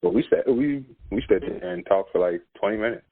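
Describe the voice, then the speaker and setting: A man with a low, husky voice tells stories in a laid-back way and laughs often. He is a school counselor and a guest on a casual podcast. The audio is narrow and phone-like. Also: expressive, fairly quick.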